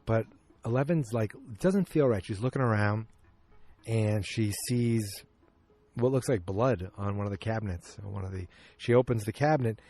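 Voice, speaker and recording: A man hosting a podcast, recapping an episode in casual chat from his backyard, acting out the characters' lines in quick changing voices. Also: lowish voice, darkish tone. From Massachusetts. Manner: chatty, acts out character lines with quick voice shifts. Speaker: podcast host. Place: outdoors in a backyard.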